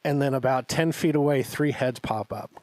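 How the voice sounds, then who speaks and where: A man telling a story on his podcast, relaxed and chatty. He acts out each line of dialogue as he goes. His voice sits in a middle range, and the recording is close and dry. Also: medium pitch, normal speed, dry recording. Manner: animated anecdote-telling with acted-out quotes. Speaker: podcast co-host. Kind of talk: casual storytelling chat.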